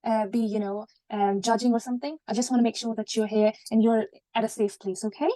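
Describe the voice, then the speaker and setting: Brief: woman in a role-play as a polite doctor, slightly high, mellow voice. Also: little pitch movement, a little fast. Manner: polite, reassuring, many fillers. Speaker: student doing a mock consultation. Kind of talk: role-play clinical consultation.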